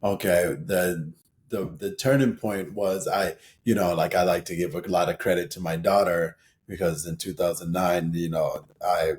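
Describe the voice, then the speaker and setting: A man's voice: low voice, fairly even intonation, normal speed, darkish tone. A middle-aged man from St. Paul, a podcast guest telling personal stories in a casual, rambling way with lots of "you know" and laughter. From St. Paul, Minnesota, USA. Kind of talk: casual interview storytelling.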